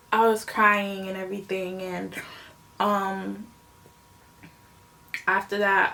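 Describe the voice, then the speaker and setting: Gravelly-voiced young woman telling a story. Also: medium pitch, a bit bright. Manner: emotional, rambling with many fillers. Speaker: vlogger. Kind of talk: casual storytime vlog.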